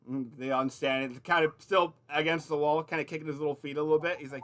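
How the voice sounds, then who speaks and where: A man's voice: fairly high pitch, steady tone, fast, hardly any pauses, fairly bright tone. A man running a tabletop game as game master, narrating in a loose, casual way with lots of fillers.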